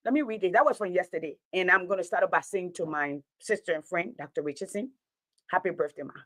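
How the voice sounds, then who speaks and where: A woman's voice: on the low side, fast talker, a bit bright, no echo, rough recording. A woman, a teacher talking straight to her online audience in an impassioned, preachy monologue, repeating her points for emphasis.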